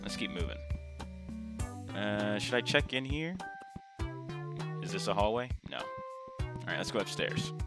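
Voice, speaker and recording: A man's voice: on the low side, unhurried, long pauses, loud music behind the voice. A male streamer talking casually to himself while playing a game. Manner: relaxed, muttering to himself. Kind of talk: casual gameplay commentary.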